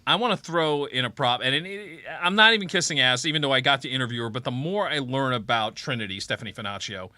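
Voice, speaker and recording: Brief: male podcast host, lively swooping pitch, sharp bright edge. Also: no room sound. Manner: enthusiastic, quick interjections. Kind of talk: casual podcast chat.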